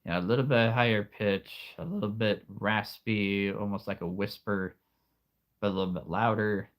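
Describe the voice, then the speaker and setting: A man's voice: on the low side, fairly even intonation, normal speed. A man with a sore throat hosting a casual livestream chat in an easygoing way. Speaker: livestream host. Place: home livestream.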